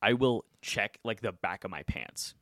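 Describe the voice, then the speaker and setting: Animated, teasing young man. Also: fairly low pitch, a little slow, no echo, studio quality. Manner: teasing, pushy, profane. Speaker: podcast co-host. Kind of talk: casual chat.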